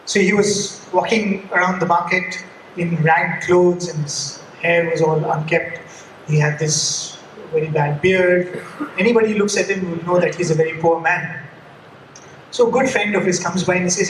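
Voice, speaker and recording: Brief: young man, high-pitched storyteller, lively character voices, roomy distant mic. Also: moderate pace, slight background noise. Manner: animated storyteller acting out dialogue. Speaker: speaker at a youth gathering. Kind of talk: storytelling talk. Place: room during a pilgrimage gathering. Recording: echoey room, mic at a distance.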